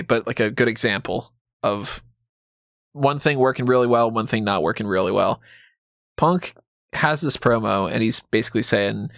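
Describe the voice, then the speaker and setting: A man's voice: mid-range voice, a bit bright, no echo. Laughing man on a dry close mic. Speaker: podcast co-host. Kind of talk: casual wrestling chat.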